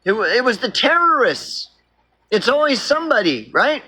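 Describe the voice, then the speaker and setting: Man with an Oklahoma accent, animated and rambling, bright husky tone. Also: very high-pitched, moderate pace. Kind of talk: casual political monologue.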